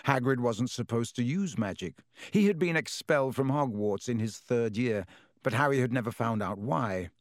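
A man narrates a storybook in an even, measured voice of middle pitch. The sound is close-miked and very dry, with no room around it. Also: no room sound. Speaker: audiobook narrator.

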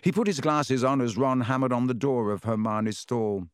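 A man narrating a storybook in a measured way, giving each character a voice. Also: mid-range voice, clean tone, dry recording, clean studio sound. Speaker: audiobook narrator. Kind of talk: scripted narration.

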